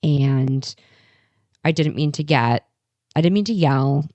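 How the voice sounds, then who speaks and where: A woman's voice: low voice, slow pace, warm tone, dry recording, lo-fi sound. A woman in her thirties co-hosting a podcast, telling candid stories and affirming her co-host. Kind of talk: casual chat.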